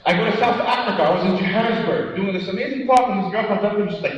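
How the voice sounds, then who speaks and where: Man, motivational keynote speaker, animated, questions the audience, high lively voice, large echoey hall, distant mic, muffled sound. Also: rapid-fire, hardly any pauses, slight background noise. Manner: animated, asks the audience questions, acts out quotes. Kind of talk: motivational conference talk.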